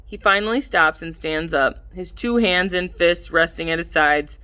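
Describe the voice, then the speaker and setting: Bright-voiced woman narrating an audiobook. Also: lowish voice, clean tone. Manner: measured, lively in dialogue. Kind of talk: first-person audiobook narration.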